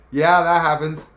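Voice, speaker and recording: Animated man rambling on a live stream. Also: on the high side, reverberant. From Canada. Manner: animated, rambling, talks back to chat. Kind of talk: casual live-stream chat, reading viewer comments.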